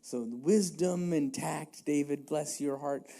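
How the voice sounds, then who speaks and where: A man's voice: fairly high pitch, takes it slowly, gravelly, warm tone. A man preaching a casual, humorous sermon as pastor, rambling with many fillers, restarts and jokes.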